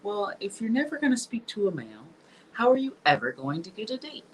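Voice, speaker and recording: A woman hosts a casual podcast chat and talks in rhetorical questions. Her pitch rises and falls a lot as she talks. A faint background noise sits under her voice. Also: sing-song, brisk, low-quality recording. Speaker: podcast host.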